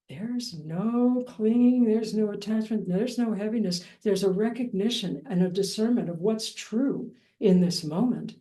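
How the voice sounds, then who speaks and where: A woman teaching Buddhist practice in a dharma talk, gentle and reflective with a light playful touch. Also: mid-range voice, unhurried, few pauses.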